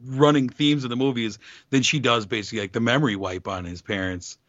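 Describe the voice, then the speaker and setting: A man chatting casually about a film, amused and quick to laugh. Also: medium pitch, no echo. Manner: amused, laughs often, lively intonation. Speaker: podcast co-host. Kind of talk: casual chat. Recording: dull dry lo-fi recording.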